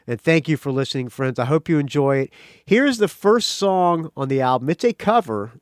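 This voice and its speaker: A man hosting a rock podcast, talking in a rambling, excitable way with a slight country accent and swearing freely. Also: fairly high pitch, moderate pace, no echo, clean studio sound. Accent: slight American country accent. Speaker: podcast host. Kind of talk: casual solo intro.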